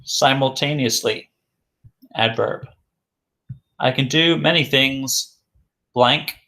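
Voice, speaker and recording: Man slowly drilling English vocabulary. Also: mid-range voice, creaky, bright, forceful tone. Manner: slow, repetitive, drills each word several times; asks questions and answers them himself. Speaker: English teacher. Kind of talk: recorded vocabulary lesson.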